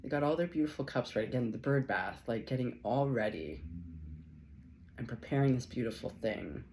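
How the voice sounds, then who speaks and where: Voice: mid-range voice, expressive, brisk, darkish tone, slight background noise. A tarot reader giving a casual channeled reading, effusive and loose, swearing freely and laughing often.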